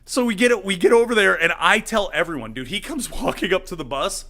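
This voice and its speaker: A man's voice: high voice, animated, fast, bright, forceful tone. A man in his thirties, a co-host telling a story in casual chat, laughing and acting out the voices of the people in it. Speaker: podcast co-host.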